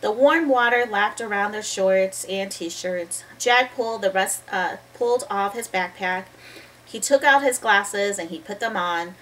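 A woman reads a children's chapter book aloud in a lively, expressive way. She pauses now and then to talk about the pictures. Her voice is mid-pitched, and the mic sits at a distance. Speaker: storybook reader.

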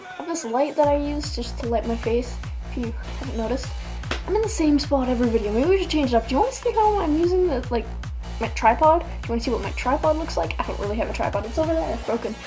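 A woman's voice: high voice, lively intonation, fast, over music, rough recording. A woman vlogging casually, rambling in a giddy, scattered way. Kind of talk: casual rambling vlog talk. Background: song playing in the background.

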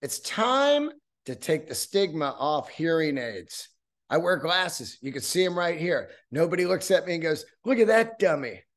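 A man's voice: fairly high pitch, very animated, a little slow, fairly bright tone. Loose, profane male podcast host. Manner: loose, profane, rambling with asides. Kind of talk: casual solo podcast monologue. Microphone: studio podcast mic.

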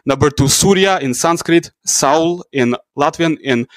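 A man's voice: a little high, measured pace, no echo. Man giving a casual lecture. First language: Russian. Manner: casual, explains with asides and self-corrections. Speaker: YouTube channel host. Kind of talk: educational talk.

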